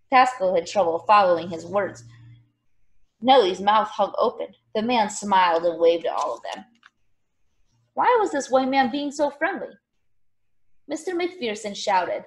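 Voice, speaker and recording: A woman reading a children's novel aloud with expressive, animated storytelling. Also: mid-range voice, a little slow. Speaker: narrator.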